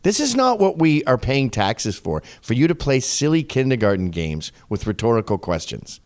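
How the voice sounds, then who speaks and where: A man's voice: medium pitch, big pitch swings, moderate pace, no echo, clean studio sound. A man hosting a show, giving sardonic, profane commentary over clips. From Canada. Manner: profane and mocking. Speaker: host.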